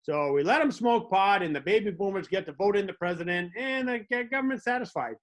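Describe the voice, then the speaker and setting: A man's voice: sits high, animated, a little fast. A man hosting a comedic monologue, telling wry stories with little mock dialogues. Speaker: host.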